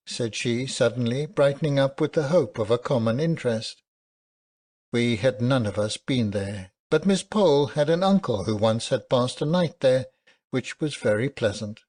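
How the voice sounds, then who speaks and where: Guy narrating a classic novel audiobook, steady and measured, mid pitch.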